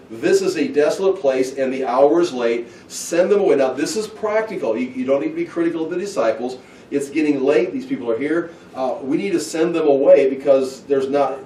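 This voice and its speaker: Man, Bible study teacher, slightly high voice, animated, recorded in an echoey room away from the mic. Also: slight background noise. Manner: animated, acts out scenes with excited outbursts. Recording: echoey room, heard from a distance.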